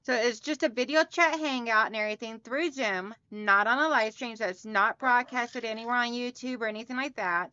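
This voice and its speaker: Woman, livestream host, chatty and upbeat, smooth clear voice, slightly high, dry slightly dull sound. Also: brisk, few pauses, sharp tone, no echo. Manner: chatty and upbeat, greeting viewers by name. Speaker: livestream host of a quilting channel. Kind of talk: casual livestream chat, reading out viewer comments. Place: at home.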